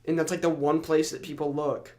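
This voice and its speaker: A man's voice: fairly high pitch, flat delivery, a little fast, darkish tone. A young man co-hosting a podcast in casual chat, rambling and stumbling over his words. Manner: rambling, full of ums and restarts. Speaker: podcast co-host.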